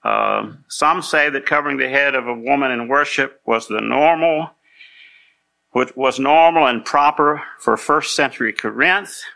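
A man's voice: medium pitch, measured pace, gravelly, pushed and bright. A man preaching a sermon in a conversational way, patiently explaining and checking that his listeners follow. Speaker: pastor.

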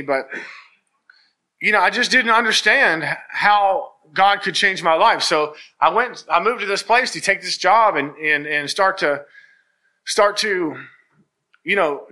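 Earnest man, bright forceful voice. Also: high-pitched. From Virginia, US. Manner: earnest, rambling storytelling with many restarts. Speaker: church member giving testimony. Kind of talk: personal testimony.

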